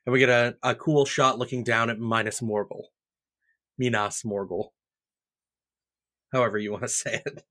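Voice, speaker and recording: Male podcast host, bright clear tone, jokey casual banter. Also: medium pitch, fairly even intonation, fast talker. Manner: jokey, riffs with silly put-on voices. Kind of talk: casual chat.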